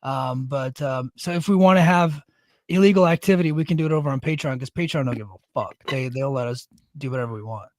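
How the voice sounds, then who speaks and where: A man's voice: medium pitch, fast, darkish tone, dry recording, studio quality. A man co-hosting a podcast in casual chat, blunt and opinionated, swearing freely. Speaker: podcast co-host.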